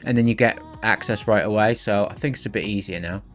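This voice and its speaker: A man in his thirties with a Philadelphia American accent, hosting a livestream and chatting casually with viewers in a relaxed, rambling way full of fillers. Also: fairly low pitch, quick pace, faint music behind. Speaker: livestream host.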